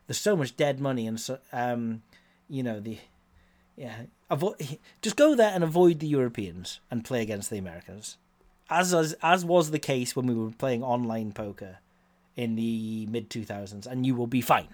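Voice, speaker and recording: A man's voice: medium pitch, expressive, moderate pace, a little mellow. A middle-aged man hosting a podcast, talking in a casual, rambling way with many fillers and restarts. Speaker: podcast host.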